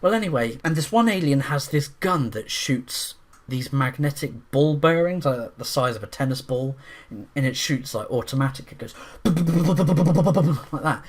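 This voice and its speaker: A man talking through a film in a loose, chatty review, tripping over his own sentences and circling back as he goes. He sounds excited about the scenes, with a voice pitched in an ordinary middle male range. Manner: rambling, with frequent restarts and fillers; enthusiastic, breaks into quick voices. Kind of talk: casual film review monologue.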